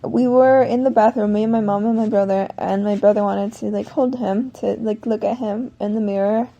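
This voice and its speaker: A woman's voice: medium pitch, steady tone, normal speed, mellow, highs cut off. A woman vlogger telling a long personal story in a casual, rambling way, often correcting herself mid-sentence.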